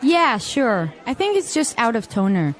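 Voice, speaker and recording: Actress: helpful office colleague, high voice, faint ambience. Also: female voice, very animated, a little slow, slight background noise.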